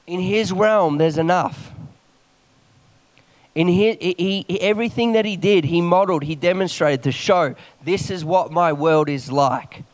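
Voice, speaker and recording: A man preaching a morning sermon quickly, reading scripture aloud and adding quick asides and jokes. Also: sits high.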